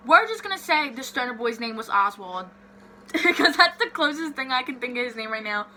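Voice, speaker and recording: A young woman vlogger telling a story in a casual, animated way, swearing freely and saying "like" a lot. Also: fairly high pitch, fairly quick, slight background noise.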